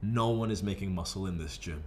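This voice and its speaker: A hulking Russian bodybuilder barks terse commands in broken English, put on by a man retelling the story. The voice sits somewhat low, with faint background noise. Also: a little fast, darkish tone, lightly acted. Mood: coaching.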